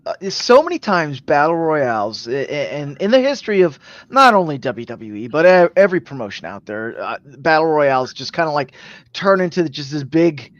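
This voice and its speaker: A man's voice: fairly high pitch, very animated, moderate pace, no room sound, highs cut off. A man hosting a wrestling podcast in casual chat, rambling with lots of fillers. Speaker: podcast host.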